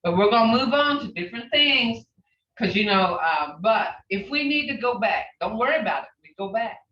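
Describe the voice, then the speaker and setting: A woman teaching an online language class, talking slowly and patiently and repeating phrases for practice. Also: a little high, expressive. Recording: roomy, distant, dull lo-fi sound.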